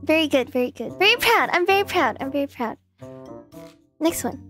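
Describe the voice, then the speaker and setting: A woman's voice: high-pitched, animated, brisk, a bit bright, faint music behind. A woman streamer in casual live-stream chat, giggly, playful and sarcastic.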